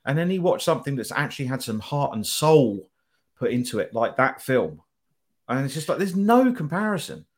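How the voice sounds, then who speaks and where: A man's voice: medium pitch, sing-song, normal speed. A man co-hosting a casual podcast chat, joking and swearing freely. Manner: swearing, jokey banter. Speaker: podcast co-host.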